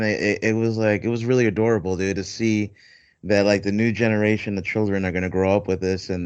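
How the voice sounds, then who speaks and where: A man's voice: lowish voice, smooth, no echo. A man hosting a podcast in casual chat, rambling with lots of fillers and frequent laughs. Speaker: podcast host. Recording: dull dry lo-fi recording.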